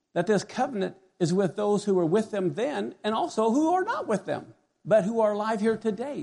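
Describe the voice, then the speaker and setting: A middle-aged man preaching a sermon as pastor, animated and conversational, often asking his congregation questions. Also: high voice, gravelly.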